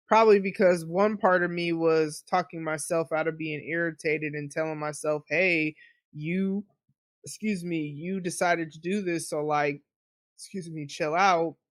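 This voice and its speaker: A woman hosting her own podcast, telling stories in an animated, chatty way and acting out her own inner voice. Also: fairly low pitch, dry recording, clean studio sound. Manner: chatty, animated storytelling with quoted self-talk. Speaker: podcast host. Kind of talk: casual solo podcast monologue. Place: apartment.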